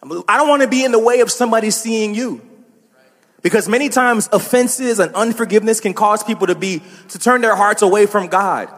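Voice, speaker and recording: A man's voice: high-pitched, a little fast, long reverb tail. A man preaching a sermon as a pastor, talking casually to the congregation with asides and laughs.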